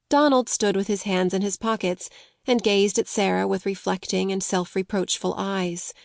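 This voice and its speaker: A woman narrating an audiobook of a classic novel in a measured, clear storytelling manner. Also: medium pitch, steady tone, no room sound, studio quality. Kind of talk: scripted narration.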